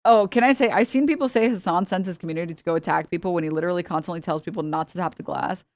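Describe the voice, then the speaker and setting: A woman's voice: fairly low pitch, racing, dry recording. Dry-miked exasperated woman streamer. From United States. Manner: heated, exasperated, sarcastic, laughs between points. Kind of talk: political commentary stream.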